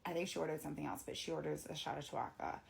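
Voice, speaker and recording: A woman in her thirties telling a casual bar story, chatty and quick to act out what others said. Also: low voice, vocal fry. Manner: chatty, animated quoting of others, lots of "like". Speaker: bartender.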